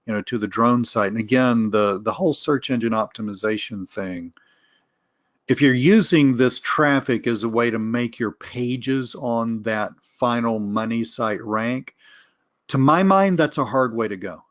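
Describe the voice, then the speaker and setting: A man's voice: mid-range voice, a little slow, dry recording, highs cut off. A middle-aged man hosting a casual live Q and A webinar, rambling through answers with many restarts and candid asides. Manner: rambling, full of restarts and fillers; candid, self-aware asides. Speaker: webinar host answering viewer questions.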